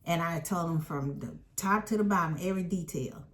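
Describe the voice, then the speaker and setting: A woman casually telling a personal story in an animated, emphatic way. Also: fairly low pitch, fairly quick. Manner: animated, emphatic retelling with quoted voices.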